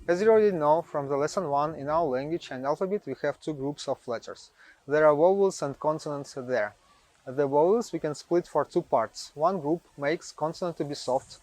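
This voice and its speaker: A man with a Russian accent, a native Russian speaker, teaching a pronunciation lesson with slow, careful enunciation and drilled syllables. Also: a little high, dry recording. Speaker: language tutor.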